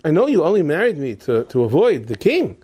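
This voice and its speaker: A high, indignant young wife who refuses to be sent away, pitch jumping around as she insists, as a storyteller puts her on. Her pleas are shrill and stubborn. The voice is raised well above a man's speaking voice. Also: sing-song, a little fast, warm tone, slightly rough. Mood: insistent. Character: insistent young woman demanding her husband.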